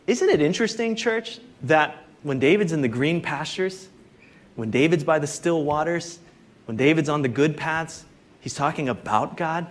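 A man preaching a sermon to his church in a casual, conversational way, often saying "you know" and "like". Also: a little high. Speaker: pastor.

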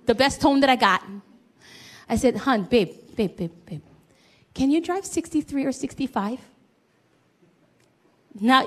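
High-pitched woman preacher, middle-aged, animated storyteller. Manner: animated, acts out quoted dialogue. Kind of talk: sermon with personal storytelling.

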